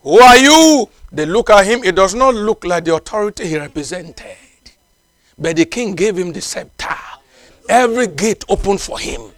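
A man's voice: sits high, lively intonation, normal speed, no room sound. A man preaching a sermon in a non-native English, emphatic and repetitive, with frequent exclamations of praise. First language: not English.

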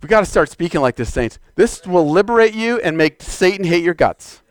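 A man preaching a fervent sermon in a church, exhorting the congregation and shouting declarations. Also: high-pitched, expressive, fairly quick, clean tone, dry recording, studio quality.

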